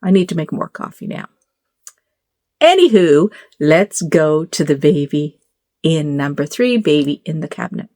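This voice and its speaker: This middle-aged doll collector vlogger has a deep, darkish voice with a sing-song lilt and a measured pace. Chatting to her phone camera in her bedroom, she rambles casually with plenty of fillers and asides.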